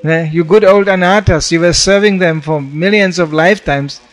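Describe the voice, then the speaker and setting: A man's voice: sits high, moderate pace. Storytelling man preaching a sermon. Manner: storytelling with acted-out quotes, frequent "you know". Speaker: monk preacher.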